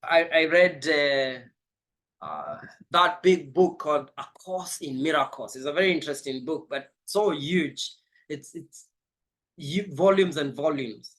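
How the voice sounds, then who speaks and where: Slow, emphatic male life coach. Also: fairly high pitch, expressive, a bit bright. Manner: emphatic, repeats key phrases, spiritual. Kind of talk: motivational coaching talk.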